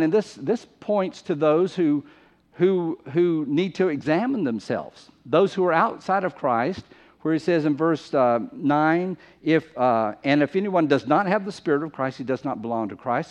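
A pastor with a fairly high voice and lively intonation preaches a sermon at a moderate pace in a muffled lo-fi recording. His style is emphatic and conversational, and he often repeats phrases for stress.

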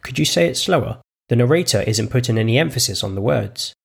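A man's voice: mid-range voice, expressive, creaky, slightly rough. A man doing a prim smug young woman. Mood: exasperated. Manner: prim, patronising, measured.

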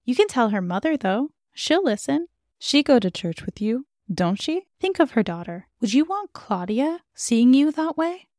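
A woman voicing a blunt, suspicious, outspoken middle-aged neighbor who talks in a sharp, preachy way. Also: high-pitched, very animated, moderate pace, no echo, studio quality, voice pushed up. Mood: indignant.

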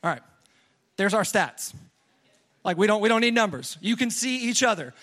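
A young adult man, a youth pastor, preaching a casual, energetic sermon to teenagers and leading call-and-response. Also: high-pitched, moderate pace.

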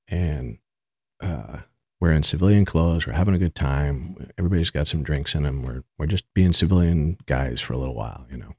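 Very deep-voiced man spinning a yarn. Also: brisk, darkish tone, slightly rough, no room sound. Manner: amused, rambling, self-mocking. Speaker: podcast host. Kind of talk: casual anecdote storytelling. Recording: dull, dry lo-fi sound.

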